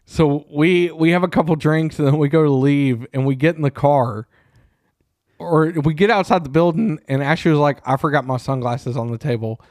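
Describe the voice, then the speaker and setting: Man, slightly high voice, dry close sound, casual podcast storytelling, animated and profane. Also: moderate pace, no room sound. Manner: animated, profane anecdote telling. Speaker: podcast co-host. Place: small room.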